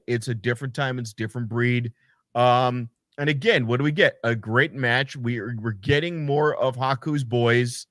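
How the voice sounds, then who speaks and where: A man co-hosting a casual wrestling podcast, animated and profane, slipping into mocking voices. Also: medium pitch, no echo, studio quality. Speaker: podcast co-host. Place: home setup, streaming remotely.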